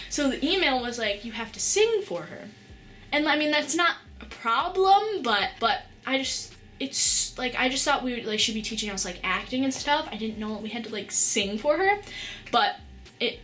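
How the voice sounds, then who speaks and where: A teenage girl vlogging, with a bright, forceful voice pitched a little high. She tells a story in a rush of excitement, rambling, filling it with "like" and stopping to restart her sentences. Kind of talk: casual storytelling vlog.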